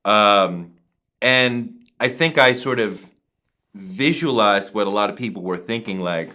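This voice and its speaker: A man's voice: fairly low pitch, measured pace, pushed and bright. A man being interviewed who tells a story emphatically, acting out other people's lines and swearing casually. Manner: acts out quoted voices, emphatic, swears casually. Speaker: interview guest.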